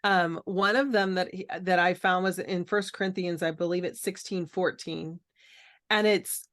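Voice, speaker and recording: A woman's voice: on the low side, fairly even intonation, normal speed, a bit bright. A middle-aged woman telling a personal caregiving story as a podcast guest, earnest and reflective, with frequent fillers and restarts.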